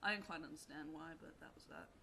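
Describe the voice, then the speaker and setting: A young woman telling a personal story to camera in a rambling, halting way, full of fillers. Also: low-pitched, big pitch swings, bright, forceful tone, slight background noise. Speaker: vlogger.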